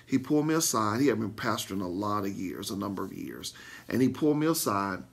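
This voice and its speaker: A man's voice: brisk, creaky, slightly rough. A man, a pastor, teaching a Bible lesson with emphatic repeats and frequent "okay?" check-ins to his listeners. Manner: animated, swings between loud bursts and low asides.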